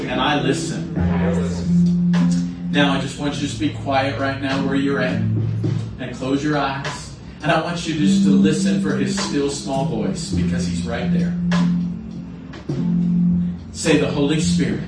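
A man's voice: mid-range voice, steady tone, measured pace, pauses often. A man preaching a sermon as pastor, leading the congregation in repeated declarations and prayer, with emphatic, repetitive phrasing. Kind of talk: sermon with call-and-response prayer. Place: church sanctuary. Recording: very echoey room, from a distance, with music. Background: soft guitar music.

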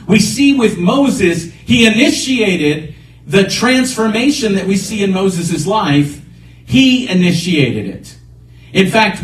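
A pastor preaches with earnest emphasis, driving his points home by repeating them. His voice sits a little high for a man. He is heard from some distance in an echoey room. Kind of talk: sermon.

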